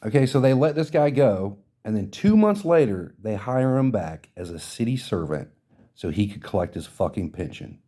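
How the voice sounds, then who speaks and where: A man on a podcast, ranting in an indignant, emphatic way and swearing freely. His voice sits fairly low, with a soft, mellow tone rather than a bright edge. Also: big pitch swings, normal speed. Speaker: podcast host. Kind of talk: ranting social commentary.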